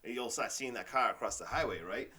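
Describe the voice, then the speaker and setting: A man's voice: medium pitch, brisk, bright, forceful tone, husky. A man hosting his own podcast in a casual motivational monologue, rambling and enthusiastic, with lots of fillers. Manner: says "like" and "literally" often. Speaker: podcast host.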